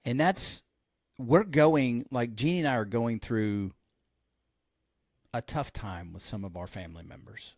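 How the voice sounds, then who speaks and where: A man's voice: mid-range voice, unhurried, long pauses, no echo, clean studio sound. A man who is a pastor and podcast host, telling a story in casual chat and acting out the lines of the people in it. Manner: animated storyteller who acts out quoted lines.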